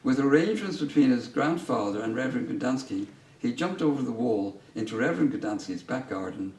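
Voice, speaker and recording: A man giving a public history talk as guest speaker, telling an anecdote in a measured way. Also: medium pitch, lively intonation, a little mellow. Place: museum lecture room. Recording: roomy, distant mic, faint noise.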